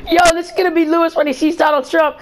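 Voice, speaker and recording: A woman's voice: very high voice, level tone, rapid-fire, noisy background. A woman chatting casually with friends while gaming, giggly and breathless from laughing, swearing in slangy banter. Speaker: gamer in voice chat.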